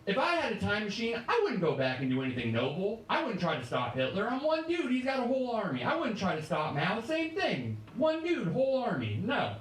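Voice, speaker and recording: A man performing a stand-up comedy set on a club stage, often jumping into shouted high voices. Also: wildly swooping pitch, fairly quick, hardly any pauses, reverberant, distant mic, rough recording.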